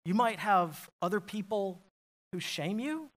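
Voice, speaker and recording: A man with a high-pitched voice preaches a sermon slowly and deliberately. He drops to quiet, close asides, then rises to loud, emphatic declarations, and he keeps putting questions to his listeners. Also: lively intonation. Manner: asks the congregation repeated rhetorical questions. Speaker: pastor.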